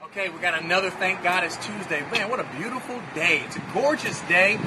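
A man giving an energetic motivational talk, telling a story and often checking in with "right?". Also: high voice, brisk, music in the background, rough recording. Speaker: motivational speaker.

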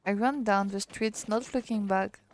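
A streamer from France with a French accent reading a visual novel aloud, halting and correcting herself as she goes. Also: medium pitch, steady tone.

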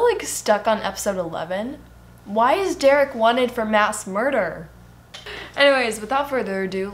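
A young woman hosting a reaction video, chattering excitedly and gasping at what she watches. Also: mid-range voice, a little hiss or hum. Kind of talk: casual reaction commentary.

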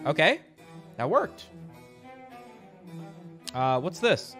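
A man's voice: a little high, big pitch swings, normal speed, fairly bright tone, faint music behind. A man streaming a game, joking and bragging to his chat as he plays. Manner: jokey boastful banter with chat. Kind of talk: let's play commentary.

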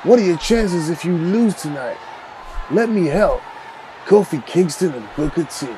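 A man voicing a veteran male wrestler who smoothly coaxes a younger one to take him as manager. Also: on the high side, lively intonation, unhurried, a little hiss or hum, pitched above the performer's own voice. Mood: coaxing. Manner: persuasive, coaxing. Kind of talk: video game role-play voiceover.

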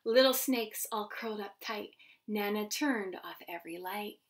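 A children's ministry teacher reads a picture book to young kids, gentle and animated, stopping to chat with them about the pictures. Her voice sits in the mid range and sounds far from the mic.

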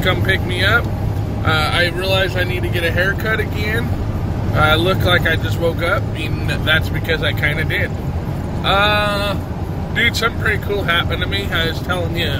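A man's voice: high voice, very noisy. A young man chatting casually to the camera as a vlogger, loose and talkative. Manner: loose and chatty, with frequent "uh" fillers. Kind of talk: casual vlog chat. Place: home and car.

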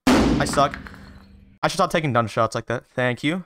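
A man giving casual gameplay commentary, trash-talking playfully with quick excited outbursts. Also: medium pitch, background noise. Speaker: gaming video creator.

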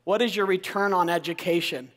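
A motivational speaker from Idaho gives an energetic keynote in a large auditorium, his high, slightly bright voice moving briskly. He's upbeat and enthusiastic, rallying the crowd and calling out questions to the audience, all wrapped in a long hall reverb.

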